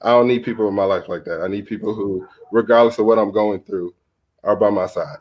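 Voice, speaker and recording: A man's voice: fairly low pitch, fairly even intonation, a little fast, lo-fi sound. A man hosting a live stream in easygoing casual chat, laughing often.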